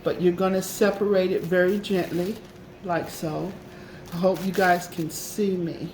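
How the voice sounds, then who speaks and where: A woman's voice: lowish voice, fairly even intonation, measured pace, darkish tone, a little hiss or hum. Chatty woman teaching a craft, roomy echo. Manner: chatty, repetitive, checks in with "okay?". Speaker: craft channel host. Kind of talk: casual craft tutorial.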